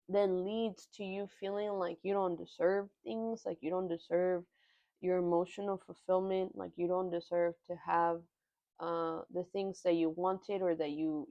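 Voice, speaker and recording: A woman's voice: on the low side, mellow, dry recording, muffled recording. Earnest woman giving a tarot reading. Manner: earnest, halting, emotional. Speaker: tarot reader. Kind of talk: pick-a-card tarot reading.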